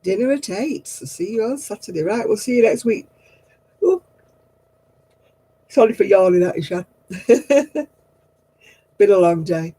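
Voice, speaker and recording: Husky, mellow woman telling stories. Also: mid-range voice, animated, a little slow, long pauses, rough recording. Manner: chatty storyteller, laughs often at herself. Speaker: livestream craft host. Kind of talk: casual chat.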